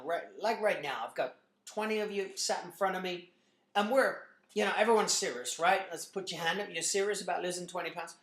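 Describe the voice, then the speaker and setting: A man in his thirties, a gym owner and trainer, giving a blunt, energetic motivational talk to a group full of "you know" fillers. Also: high-pitched. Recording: echoey room.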